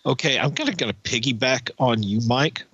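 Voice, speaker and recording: A man's voice: medium pitch, fairly quick, slightly rough, dry recording, muffled recording. A man co-hosting a podcast, talking emphatically and casually. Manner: emphatic, animated storytelling. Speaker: podcast co-host. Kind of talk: casual chat.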